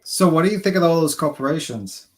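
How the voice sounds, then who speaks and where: A man's voice: a little high, lively intonation, fast. A man from New York, a guest in a casual chat, making short, plain remarks.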